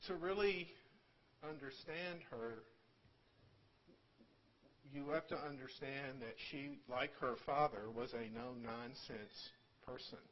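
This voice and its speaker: An older man delivers a funeral eulogy for his mother in a room at a service, halting and repeating words, with gentle humor. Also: medium pitch, lo-fi sound. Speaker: son giving a eulogy.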